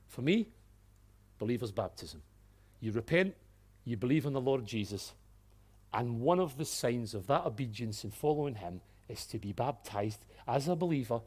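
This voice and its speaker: A man preaching a sermon, swinging from hushed, earnest passages to loud exclamations, with light-hearted asides. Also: medium pitch. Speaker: pastor.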